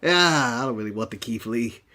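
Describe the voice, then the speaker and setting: An American man co-hosting a podcast, chatting casually in an animated, joking, opinionated way and laughing often. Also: medium pitch, moderate pace. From United States. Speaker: co-host of a wrestling podcast. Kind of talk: casual chat.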